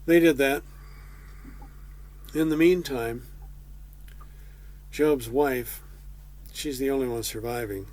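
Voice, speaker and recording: Male preacher, unhurried delivery, folksy and chatty, mid-pitch voice. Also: a little mellow. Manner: folksy, with casual asides and slang. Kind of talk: conversational sermon.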